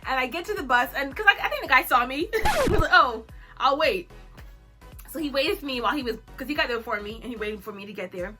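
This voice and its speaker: A young woman vlogger telling a story in an animated, dramatic way, laughing often. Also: high-pitched, rapid-fire, over music. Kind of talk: storytime chat.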